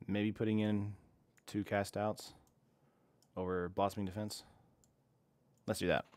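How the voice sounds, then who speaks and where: A man's voice: fairly low pitch, little pitch movement, unhurried, darkish tone, no echo. A young man casually commenting while he streams an online card game, chatty and self-deprecating, reading viewers' chat aloud.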